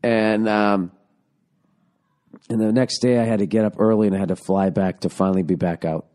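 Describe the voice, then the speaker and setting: A man's voice: on the low side, fairly even intonation, moderate pace, warm tone. A middle-aged man hosting his own podcast, rambling and sarcastic as he swears his way through a casual monologue, recorded at home. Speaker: podcast host.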